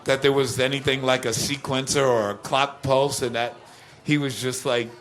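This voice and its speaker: An older man, a musician guest in an interview, telling animated anecdotes with laughter and acting out other people's voices. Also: medium pitch, moderate pace. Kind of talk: casual interview storytelling.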